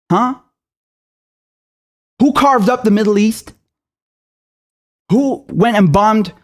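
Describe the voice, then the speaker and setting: A young man hosting his own political commentary show, delivering a furious, profane and accusatory rant. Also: sits high.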